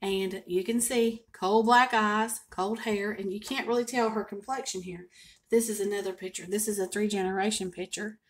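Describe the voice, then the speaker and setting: Older woman, home vlogger, folksy expressive storyteller, middle pitch. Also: normal speed. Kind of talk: casual storytelling to camera.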